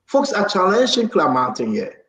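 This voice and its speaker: A man's voice: high-pitched, sing-song, normal speed, fairly bright tone, roomy sound, low-quality recording. A man hosting a heated political talk show, passionate and raising his voice. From Liberia. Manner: passionate, raises voice, repeats himself.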